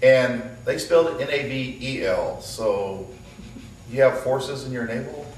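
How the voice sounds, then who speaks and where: A man's voice: mid-range voice, expressive, measured pace. Male interviewer, dry and joking, recorded distantly in an echoey room. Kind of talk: casual interview questions.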